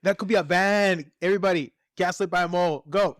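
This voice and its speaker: A man's voice: sits high, fairly quick, no echo, studio quality. A man joking as a guest in a casual movie review chat, with teasing quips. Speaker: podcast guest.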